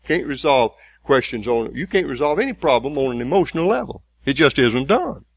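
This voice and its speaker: A man preaching a sermon in a folksy way, building to loud, emphatic, slowly repeated lines. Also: medium pitch, sing-song, gravelly, husky, muffled recording.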